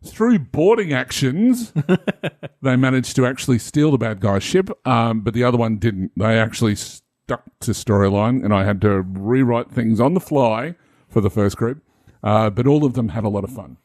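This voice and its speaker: A man's voice: on the low side, normal speed, a little mellow, no room sound, clean studio sound. A man, a game master co-hosting a casual podcast, rambling and self-deprecating with many fillers.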